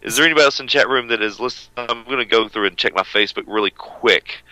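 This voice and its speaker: A man's voice: mid-range voice, quick pace, bright, forceful tone, dry recording, poor audio. A man co-hosting a wrestling radio show, talking in a brash, profane, rambling way. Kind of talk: casual uncensored radio banter.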